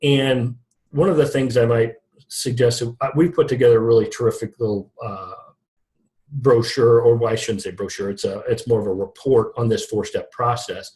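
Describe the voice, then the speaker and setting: A man's voice: mid-range voice, fairly even intonation, normal speed, darkish tone. Chatty middle-aged man explaining sales. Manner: conversational, restarts sentences, laughs at own jokes. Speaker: guest, lead generation company founder. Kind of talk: casual interview talk.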